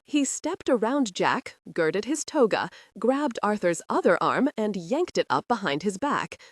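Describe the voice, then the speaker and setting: Woman narrator for a period romance audiobook, animated pitch, dry close booth. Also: a little slow, slightly rough, no echo. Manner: expressive storytelling with lively pitch.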